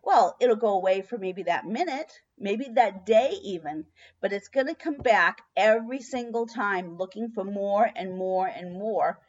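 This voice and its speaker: A woman hosting a diet workshop, giving a motivational talk and telling a long story with lively, acted-out asides. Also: medium pitch, unhurried. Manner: storytelling with expressive voiced asides. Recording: dull lo-fi recording.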